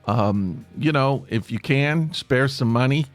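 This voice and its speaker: A man's voice: mid-range voice, slow pace. A man from Tennessee with an East Tennessee Appalachian accent, hosting a podcast as a chatty, rambling monologue in the manner of a storyteller. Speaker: podcast host.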